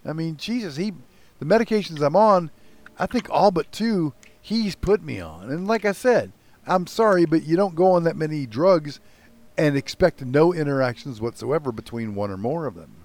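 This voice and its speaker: An older man hosting a loose podcast conversation. He rants with plenty of swearing and mocks himself. His pitch swings widely, in a lively way. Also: normal speed, no room sound. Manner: profane, ranting, self-mocking. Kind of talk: casual podcast chat.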